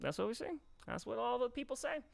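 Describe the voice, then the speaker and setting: A man's voice: very high voice, quick pace, gravelly. A man hosting a live stream in a rented studio, talking casually and energetically while reading viewer messages aloud. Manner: energetic, chatty, fussing over audio settings and reading viewer messages aloud. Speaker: livestream host.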